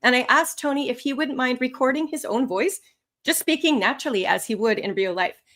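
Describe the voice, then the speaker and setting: Woman teacher on a live webinar, super expressive ups and downs, explaining stuff. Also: high-pitched, a little fast. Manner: lively, expressive intonation. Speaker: English test instructor.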